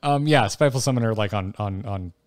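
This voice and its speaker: A man's voice: fairly low pitch, a little fast, darkish tone, no echo, clean studio sound. Playful man podcast co-host. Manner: playful, self-mocking, stumbles on names. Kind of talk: casual chat.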